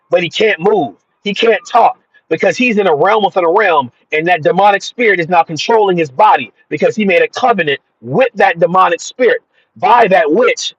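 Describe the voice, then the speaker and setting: A man's voice: high-pitched, fairly bright tone, husky, dry recording. A man giving an emphatic, repetitive religious monologue about spirits. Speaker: spiritual commentator. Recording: dull dry lo-fi sound.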